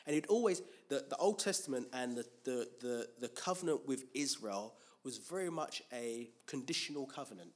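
A man's voice: medium pitch, animated, normal speed, few pauses. Man preaching with lots of restarts. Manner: frequent restarts and repeated words; rhetorical questions answered himself. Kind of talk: sermon, Bible teaching.

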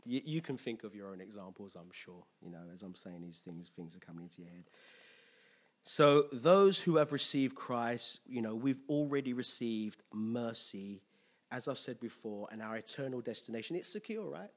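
A man preaching a conversational sermon, telling stories with lively impressions. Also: medium pitch, moderate pace. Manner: storytelling with animated impressions and laughter.

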